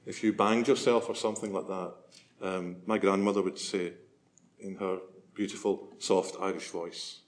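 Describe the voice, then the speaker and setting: A man's voice: low-pitched, steady tone, moderate pace. A man preaching a sermon as a priest, earnest and swelling to emphasis on key phrases.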